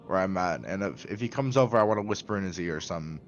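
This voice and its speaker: A man's voice: sits low, expressive, racing, highs cut off, soft background music. A man playing a tabletop game, talking in a hesitant way with many false starts. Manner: hesitant, restarts a lot. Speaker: player. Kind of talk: casual tabletop play.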